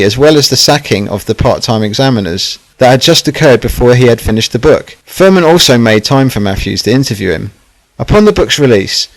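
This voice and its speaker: A man reads a scripted documentary narration at a middling pitch. His delivery is sardonic and he drops catty asides. The recording is dry and close, with no room sound. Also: no room sound, poor audio.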